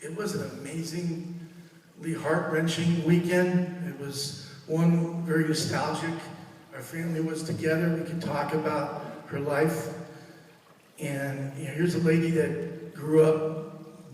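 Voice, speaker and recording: A middle-aged man giving a funeral eulogy for his mother, halting and emotional, searching for words as he tells warm stories. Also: fairly high pitch. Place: funeral service hall. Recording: echoey hall, far from mic.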